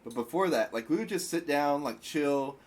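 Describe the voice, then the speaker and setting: A man's voice: fairly high pitch, lively intonation, moderate pace. A young man from South Carolina, co-hosting a podcast and telling stories in loose, teasing chat full of fillers. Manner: rambling, teasing, filler-heavy. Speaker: podcast co-host. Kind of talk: casual chat, storytelling.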